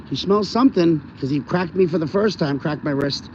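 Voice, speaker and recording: A man with a fairly high voice talks quickly, hardly pausing, as he streams live from his phone while walking his dog on a rainy city street. He rambles casually straight to his viewers, and the phone audio is dull with street noise.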